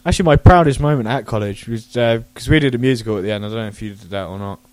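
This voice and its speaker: A man's voice: mid-range voice, very fast, no room sound. A man from England co-hosting a podcast, telling loose anecdotes in casual chat with plenty of swearing. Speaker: podcast co-host.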